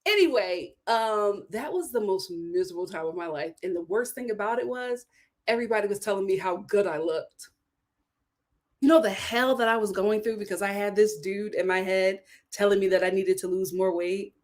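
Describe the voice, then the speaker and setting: A young adult woman hosting a casual livestream, reading viewer comments aloud in a chatty, animated way and laughing often. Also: mid-range voice, normal speed. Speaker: YouTube show host reading super chats.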